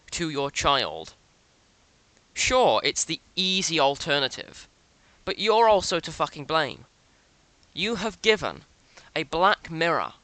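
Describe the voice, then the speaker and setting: A man's voice: on the high side, sharp tone, no room sound. A young man ranting with profanity and sarcasm as host of a reaction video. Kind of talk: ranting commentary.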